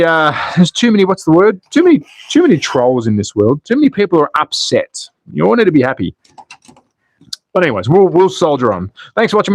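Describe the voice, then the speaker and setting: An Australian man with a voice on the high side hosts a slot car racing livestream, calling races and chatting jokily and casually with viewers. There's no room sound.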